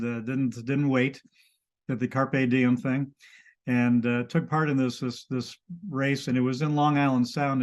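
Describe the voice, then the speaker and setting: Guest storyteller, man, mid-range pitch, halting and full of restarts. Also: darkish tone, highs cut off. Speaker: guest telling a personal story. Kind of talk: casual conversation.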